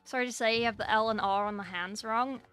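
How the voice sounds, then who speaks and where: Brief: young woman streamer, slightly high voice, chatty, faint music underneath. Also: fairly even intonation, quick pace, fairly bright tone, clear, resonant tone, no echo. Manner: chatty, reading and answering chat aloud. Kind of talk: casual livestream chat while painting miniatures. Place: small room at home.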